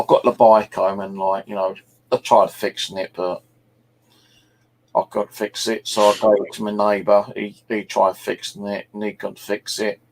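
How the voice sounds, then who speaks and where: A man's voice: lowish voice, gravelly. A middle-aged man from England, telling rambling, sweary anecdotes as host of a casual chat. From South East England. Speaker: channel host.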